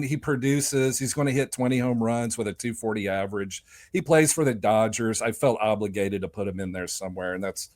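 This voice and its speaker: A man of ordinary middle pitch chats loosely on a sports podcast. He rambles from stat lines into jokes, and he swears in an easy, offhand way. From lives in Nashville. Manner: rambling, joking, swears casually. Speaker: podcast co-host. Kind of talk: casual sports podcast chat.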